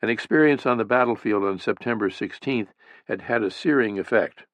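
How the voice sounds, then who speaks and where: A man reading a history audiobook as a narrator, with a measured, even storytelling delivery. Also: on the low side, dry recording. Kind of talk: scripted narration.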